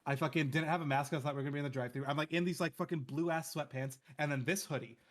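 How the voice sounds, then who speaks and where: A man's voice: on the high side, steady tone, very fast. A young man co-hosting a podcast, telling a rambling, self-mocking story full of swearing. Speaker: podcast co-host. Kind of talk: casual storytelling chat.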